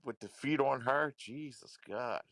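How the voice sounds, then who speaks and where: A man's voice: mid-range voice, measured pace, a bit bright, no room sound. A man ranting into a livestream, confrontational and repetitive, swearing often. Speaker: livestream commentator.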